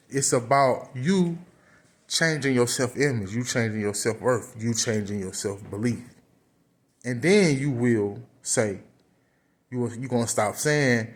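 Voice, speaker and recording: A man gives a casual motivational talk, earnest and repetitive, restarting phrases as he goes. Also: medium pitch. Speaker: motivational speaker.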